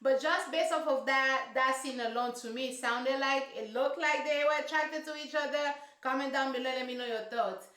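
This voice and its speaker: Sassy high-voiced woman in a roomy echo. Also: normal speed, few pauses, fairly bright tone. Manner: sassy, emphatic, slangy. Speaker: reality show reviewer. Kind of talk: casual reaction commentary.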